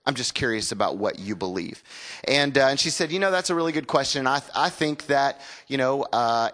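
A man's voice: medium pitch, sharp tone. A man, preaching a sermon in a conversational storytelling way and calling on the congregation to repeat words back. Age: 40s. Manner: conversational storytelling with call-and-response. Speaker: pastor.

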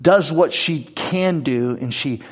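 A man preaching a sermon, retelling a story with lively emphasis and frequent filler words. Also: fairly high pitch, slow pace, slightly rough.

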